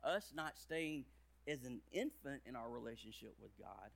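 A man's voice: lively intonation, moderate pace, vocal fry. A man in his thirties, a pastor giving a playful children's sermon with jokes and big swings in his voice. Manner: playful, jokey, big swings in pitch and volume.

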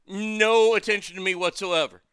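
A man's voice: high voice, steady tone, normal speed, a bit bright, clean tone, no room sound, clean studio sound. A man telling a story as a profane rant, stammering and repeating his words as he swears.

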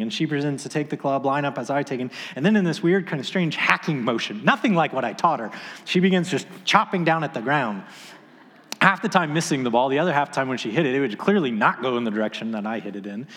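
A man in his thirties delivers a sermon at a middle pitch. He tells stories casually, with filler words and restarts. His voice carries a long reverb from a large hall. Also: quick pace, fairly bright tone. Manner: storytelling, conversational, with filler words. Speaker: pastor.

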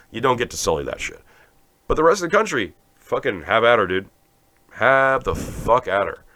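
A man's voice: mid-range voice, sing-song, moderate pace, bright, forceful tone, no echo. A man from Canada hosting a podcast, rambling through a profane, sarcastic comic rant. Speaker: podcast host.

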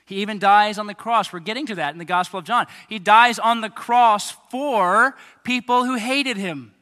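A man in his thirties, a pastor giving a lively sermon to children and families, with chatty asides to kids and parents. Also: sits high, moderate pace. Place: church hall. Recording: echoey hall reverb.

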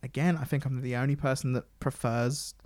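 A man's voice: medium pitch, fairly even intonation, brisk, darkish tone, dry recording, studio quality. A man co-hosting a casual podcast chat, ranting and swearing, acting out what others said. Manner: ranting, sweary, mimics people in quotes. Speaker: podcast co-host.

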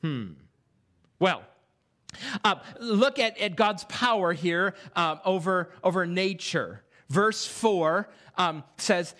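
A man preaching an expository sermon in a church, reading scripture aloud and posing rhetorical questions with animated delivery. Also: high voice, unhurried. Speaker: pastor. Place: church sanctuary.

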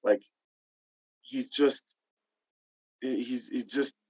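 A man's voice: mid-range voice, steady tone, drawn-out words, darkish tone, husky. Laid-back man in casual chat.

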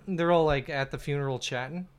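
A man's voice: fairly high pitch, a little fast, clean tone. A man telling a rambling joke and stories in a casual podcast chat, laughing often. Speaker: podcast guest.

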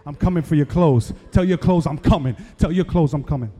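A man putting on the voice of his confused younger brother, deep, loud and offhand, in a reverberant hall. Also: fairly quick, lightly acted.

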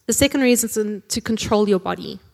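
A woman's voice: medium pitch, quick pace, gravelly. Woman preacher, casual conversational sermon with jokey asides, long hall reverb. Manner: conversational, tag questions, jokey asides with laughs.

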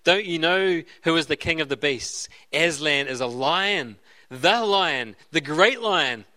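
A man's voice: a little high, expressive, takes it slowly, pushed and bright, heavily acted. A man reading aloud as a stern, proud male beaver from a storybook, speaking emphatically. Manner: emphatic, insistent.

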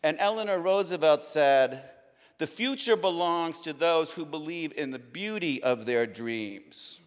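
A man's voice: on the high side, animated. A man hosting a public reading, reciting quotations in a dramatic, emphatic way into a stage microphone in a large public hall. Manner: declamatory, emphatic, measured delivery. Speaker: event host reading quotations. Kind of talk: dramatic spoken-word recitation. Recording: long reverb of a large hall.

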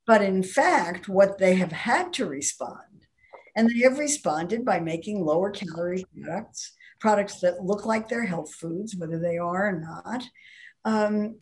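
A woman's voice: mid-range voice, darkish tone. Wry older woman explaining with emphasis. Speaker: nutrition professor interviewee. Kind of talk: conversational interview.

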